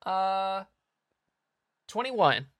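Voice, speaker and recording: A relaxed man at a tabletop game, chatting his way through the session. His voice is bright and crisp, recorded dry and close with no room sound. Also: high-pitched, very slow, no echo. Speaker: player. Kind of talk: casual tabletop game play.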